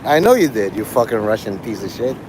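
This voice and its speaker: Over loud street noise on his live stream, the host swears and rambles as he jumps between subjects. He speaks fairly quickly in a low-leaning, very animated voice.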